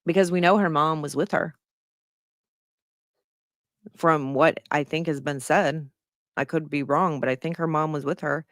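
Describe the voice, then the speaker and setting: A woman's voice: sits low, fairly even intonation, a little slow, pauses often, dry recording, clean studio sound. A middle-aged woman giving casual commentary on a news article she reads aloud, blunt and sarcastic and swearing freely.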